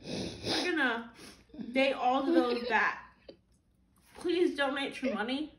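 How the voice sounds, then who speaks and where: High-voiced sarcastic young woman. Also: slow, fairly bright tone. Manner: sarcastic, joking, laughs often. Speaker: food reviewer. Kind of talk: comedic food review chat. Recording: echoey room with faint noise.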